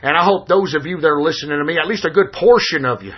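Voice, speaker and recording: Radio host guy, high voice, cusses a lot, really intense, dull lo-fi sound. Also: quick pace, slightly rough. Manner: profane, emphatic, intense delivery. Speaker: internet radio show host. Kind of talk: political call-in show monologue.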